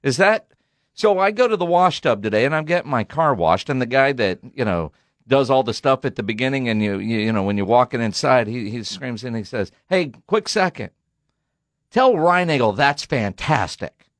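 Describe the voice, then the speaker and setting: A man's voice: mid-range voice, animated, a little fast, no echo. A man co-hosting a casual sports talk show, trading teasing, wisecracking banter in a studio. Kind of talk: casual radio chat.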